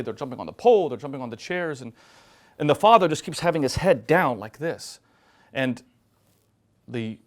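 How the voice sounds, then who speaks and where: A man, a priest, giving a sermon to a live audience, telling stories with acted quotes and moving between loud emphasis and hushed, quiet lines. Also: medium pitch.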